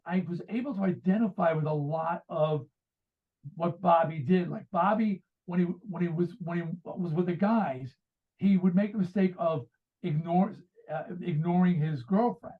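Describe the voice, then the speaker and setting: A man's voice: high voice, moderate pace. A man in his sixties from the United States, a guest author and musician, telling rambling stories and acting out quoted dialogue. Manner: rambling storyteller who acts out quoted dialogue. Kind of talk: casual interview conversation. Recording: tinny phone-like remote line.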